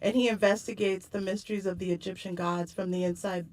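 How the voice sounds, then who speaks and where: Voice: mid-range voice, fairly even intonation, quick pace, darkish tone. Chatty podcast cohost recapping tv shows, kinda far from the mic. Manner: chatty and agreeable, lots of yeahs. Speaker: podcast co-host. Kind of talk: casual chat.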